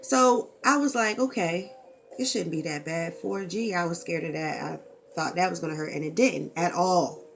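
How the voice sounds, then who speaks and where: A woman's voice: lowish voice, normal speed, vocal fry, a little hiss or hum. A woman, talking candidly and expressively in a casual vlog and swearing freely, into a camera mic. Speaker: vlogger.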